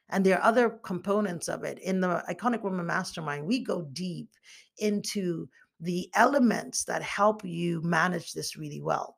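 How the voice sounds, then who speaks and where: Gravelly-voiced woman coaching with animation. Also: on the low side. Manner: animated, acts out her inner thoughts. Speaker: emotional intelligence coach. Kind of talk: motivational teaching talk.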